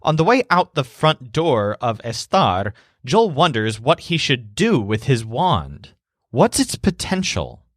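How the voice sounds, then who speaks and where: A man's voice: medium pitch, no echo. Male language teacher, scripted storytelling narration, careful over Spanish words, dry close sound. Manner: calm, clear, pronounces Spanish words carefully.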